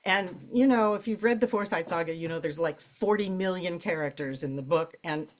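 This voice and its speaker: An older woman who narrates audiobooks, telling her stories in a relaxed conversational way, laughing often and jumping high in pitch for emphasis. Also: moderate pace. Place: library event, interview setting.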